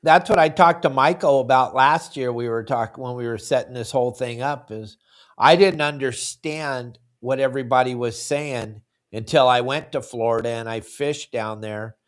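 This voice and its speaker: A man's voice: medium pitch, normal speed. A man hosting a fishing podcast, telling stories on himself in an easygoing, self-mocking way. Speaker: podcast host. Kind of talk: casual fishing chat.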